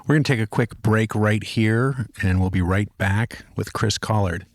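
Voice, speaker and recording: A man's voice: on the low side, normal speed, dry recording, studio quality. A man hosting a podcast, interviewing a guest and reading his own ads in an upbeat, direct way. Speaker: podcast host. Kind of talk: casual interview and ad reads.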